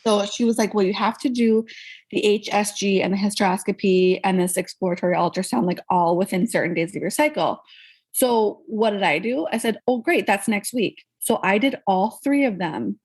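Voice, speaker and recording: A woman casually telling a long personal story as a podcast guest, animated and acting out the people she quotes. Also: normal speed. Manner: animated, acts out quoted people with pitch jumps.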